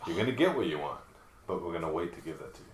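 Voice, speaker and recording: A man's voice: deep voice, very animated, very fast, distant mic. A man in casual podcast chat, blunt and swearing. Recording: roomy echo.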